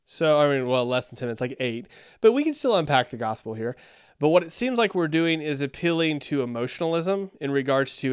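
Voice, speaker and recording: A man's voice: fairly high pitch, lively intonation, fairly quick, smooth, no echo, studio quality. A man giving casual, critical commentary on a sermon, thinking aloud and reading passages. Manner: critical, wry, thinks aloud, reads scripture aloud. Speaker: sermon reviewer.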